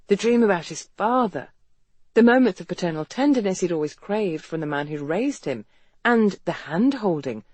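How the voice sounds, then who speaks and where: Lively-pitched audiobook narrator. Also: normal speed, no room sound. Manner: even storytelling read with lively pitch. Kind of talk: scripted romance novel narration.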